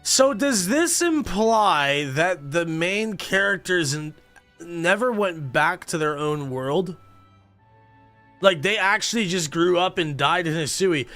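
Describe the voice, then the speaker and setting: A man's voice: high voice, a bit bright. A young man livestreaming a game, chatting casually and reading game text aloud with offhand reactions, sleepy and yawning. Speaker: gaming streamer.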